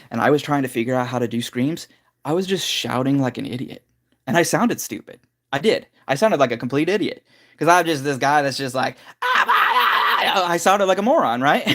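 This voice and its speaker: A man at home talks through a casual vocal lesson on a livestream. His sentences ramble and loop back, full of fillers. His voice sits at an ordinary middle pitch. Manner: rambling, loose talk with many fillers. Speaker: vocal coach streaming live.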